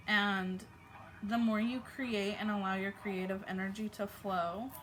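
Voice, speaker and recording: A woman's voice: mid-range voice, a bit bright, a little hiss or hum. A woman giving a casual spiritual message to her viewers, affectionate and encouraging, with loose fillers. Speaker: spiritual YouTube channeler.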